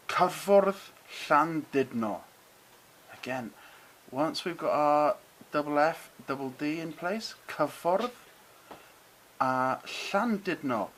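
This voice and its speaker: A middle-aged man hosting a casual lesson, chatty and encouraging, who slows right down to sound out words with care. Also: fairly high pitch, fairly bright tone, a little hiss or hum, poor audio. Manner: chatty, encouraging, drawn-out careful pronunciations. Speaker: model railway channel host. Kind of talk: casual explainer to camera.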